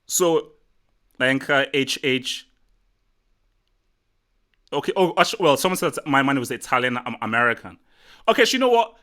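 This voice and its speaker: Bright-voiced rambling male streamer. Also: mid-range voice, normal speed, pauses often. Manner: rambling, repeats words, animated. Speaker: livestream host. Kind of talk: casual live chat.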